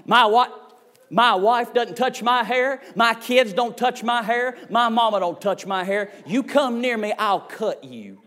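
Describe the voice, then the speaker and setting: A high-pitched man with a drawl delivers a storytelling sermon. He talks in a folksy, emphatic way, leaning on comic exaggeration to land his points. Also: measured pace, fairly bright tone. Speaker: revival preacher.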